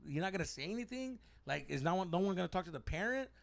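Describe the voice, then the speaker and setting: A young adult man, a podcast host telling a story in a casual, animated way, swearing as he gets heated. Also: high-pitched, quick pace, vocal fry, no room sound.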